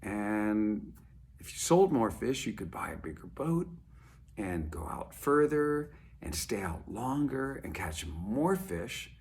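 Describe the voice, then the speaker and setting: A man voicing an eager, persuasive businessman in a spoken folk tale, earnest as he stacks up plan after plan. The voice sits low and slow, with a gravelly edge. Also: big pitch swings, darkish tone, heavily acted. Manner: earnest, building up persuasive ideas. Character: eager middle-aged male businessman, persuasive.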